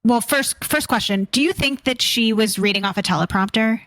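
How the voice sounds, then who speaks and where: A woman's voice: on the high side, moderate pace, fairly bright tone, no echo. Thoughtful woman co-host, hesitant. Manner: thoughtful, hesitant, many fillers. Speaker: therapist co-host. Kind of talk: casual reality-TV recap chat.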